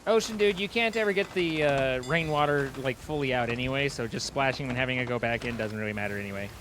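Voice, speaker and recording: A man's voice: medium pitch, fast, background noise. Playful, wry male streamer. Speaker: streamer host. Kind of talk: casual live-stream gaming chat.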